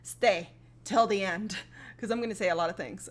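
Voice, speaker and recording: A woman hosting a casual reaction video, excitable and rambling, swearing freely with lots of fillers. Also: medium pitch, moderate pace.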